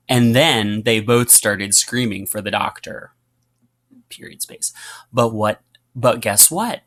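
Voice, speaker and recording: A man teaching a writing lesson, explaining patiently with frequent fillers and reading example passages aloud with lively emphasis. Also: medium pitch.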